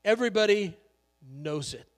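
A man's voice: high-pitched, lively intonation, normal speed, long reverb tail. A male pastor preaching a sermon in a conversational, joking way, laughing often.

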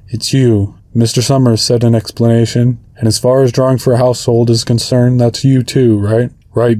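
Man reading a story in a flat, mellow voice. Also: mid-range voice, no echo. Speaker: reader. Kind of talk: reading a short story aloud.

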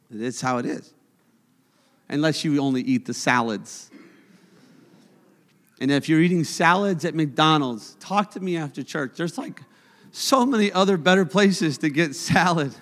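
A man's voice: a little high, a little slow, long pauses, fairly bright tone. A man preaching a sermon in a church sanctuary, conversational and joking at times, then building to emphatic points. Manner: conversational and humorous, rising to emphatic. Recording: long church hall reverb.

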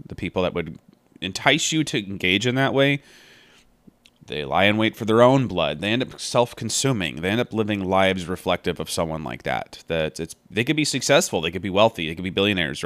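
A Bible study podcaster with a deep, resonant, fairly bright, smooth voice talks through scripture in casual, meandering commentary. Earnest and reflective, he thinks aloud and works out ideas as he goes. The sound is close and dry, with no room sound.

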